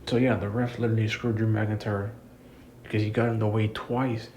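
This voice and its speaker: A man's voice: lowish voice, flat delivery, fairly quick, a little mellow, slight background noise. A young man giving a profane, exasperated review rant about a wrestling event, repeating himself and calling the listener "bro.". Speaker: wrestling commentator. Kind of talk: ranting review.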